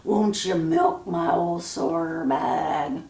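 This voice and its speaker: A woman voicing a patient, gentle old cow in a storybook tale, with slow, drawn-out, low folksy speech. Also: recorded from a distance. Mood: weary. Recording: roomy echo.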